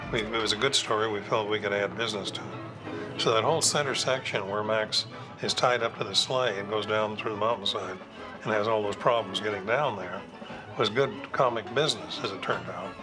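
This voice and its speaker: A man recalling his work in a thoughtful, halting interview. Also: on the low side, over music. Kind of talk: reflective interview.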